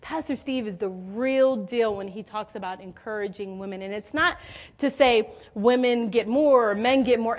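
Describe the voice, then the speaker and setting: A woman's voice: a little high, normal speed. Woman in her forties preaching a sermon. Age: 40s. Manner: conversational storytelling with call-outs to the congregation.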